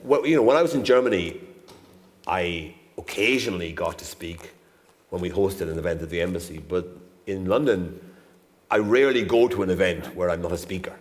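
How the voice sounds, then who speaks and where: Deep-voiced older man telling a story. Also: brisk. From Ireland. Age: 60s. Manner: relaxed, rambling, self-deprecating. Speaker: ambassador, guest speaker. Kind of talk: anecdotal storytelling on stage. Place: university lecture hall. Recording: reverberant lecture hall.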